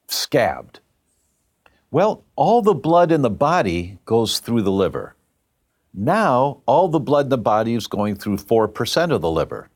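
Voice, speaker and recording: A man talking as an interview guest, telling a story and acting out the other voices in it. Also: medium pitch. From half Italian family. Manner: animated, acts out quoted voices. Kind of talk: conversational storytelling.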